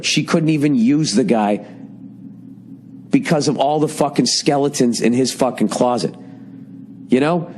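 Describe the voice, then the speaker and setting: A man rants through a casual podcast monologue, sarcastic and heavy on profanity. His voice sits a touch high and sounds strained, cracking now and then. A faint hiss hangs behind him. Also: darkish tone. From United States. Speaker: podcast host.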